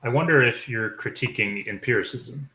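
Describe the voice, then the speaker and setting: A man co-hosting a podcast, asking slow, probing questions and giving brief agreement. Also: medium pitch, bright, forceful tone, echoey room. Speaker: podcast co-host. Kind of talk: casual conversation.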